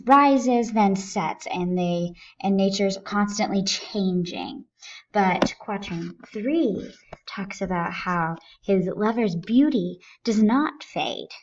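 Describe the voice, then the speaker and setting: A woman's voice: medium pitch, darkish tone. A woman teacher giving a recorded lesson, explaining a poem line by line and stressing key words. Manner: deliberate, stresses key words with rising emphasis. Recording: dull lo-fi recording.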